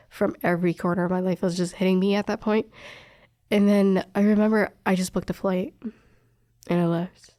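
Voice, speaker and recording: A young woman tells her story of hospital work in a frank, emphatic way. Her voice sits fairly low. The sound is dry and close, with no room around it. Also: dark tone, dry recording. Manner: candid, emphatic, quotes others' words. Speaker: respiratory therapist telling her story. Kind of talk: personal storytelling interview.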